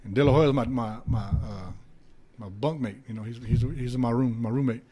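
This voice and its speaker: A man's voice: mid-range voice, brisk, husky. A man, a former boxer, telling stories casually with lots of swearing and laughter. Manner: animated anecdotes with profanity and laughter. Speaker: podcast guest, former heavyweight boxer. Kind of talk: casual storytelling.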